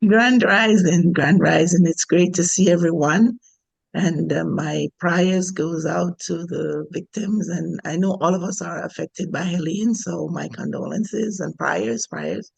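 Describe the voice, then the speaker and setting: A woman's voice: fairly low pitch, steady tone, a little slow, gravelly, a little mellow, breathy edge, no echo, muffled recording. A woman with a Jamaican accent, a guest on a talk show, telling a personal story in a reflective way. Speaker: podcast guest. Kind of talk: casual storytelling.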